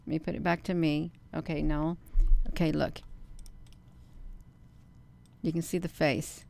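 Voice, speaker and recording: A woman hosting a casual livestream vlog, talking in an earnest, repetitive way with many pauses and ums. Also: deep voice, flat delivery, vocal fry, a little mellow. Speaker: channel host.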